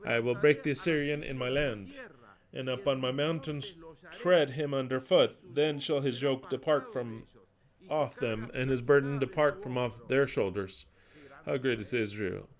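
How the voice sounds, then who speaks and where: A man delivering a sermon in an average-pitched voice. He declaims scripture forcefully, then drops into quiet, explanatory asides. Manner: emphatic, swings between loud declaiming and quiet asides. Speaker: preacher.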